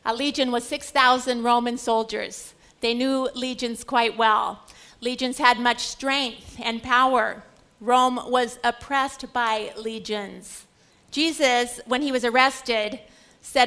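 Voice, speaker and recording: A woman's voice: sits high, a little slow, sharp tone. A woman giving a Bible study lecture, telling the story expressively with dramatic asides. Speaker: Bible teacher.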